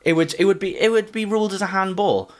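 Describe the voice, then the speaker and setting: A man's voice: high-pitched, fairly even intonation, fast. Rambling British man co-hosting a podcast. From United Kingdom. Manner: rambling, many fillers like "like" and "you know". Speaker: podcast co-host. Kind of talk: casual chat.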